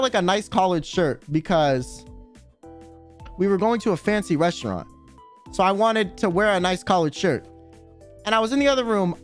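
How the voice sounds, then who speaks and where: Over faint background music, a young man streaming in a notably high voice rattles off a chaotic, profane story. The retelling is animated, fast and heavy with filler, full of "like," restarts and acted-out quotes.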